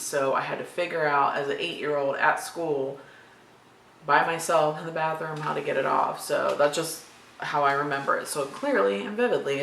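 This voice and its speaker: A Florida woman in her thirties, her voice low, a bit bright, and touched with vocal fry, reads tag questions aloud and answers them casually. She's chatty, rambling, and matter-of-fact, recorded in an echoey room with faint background noise.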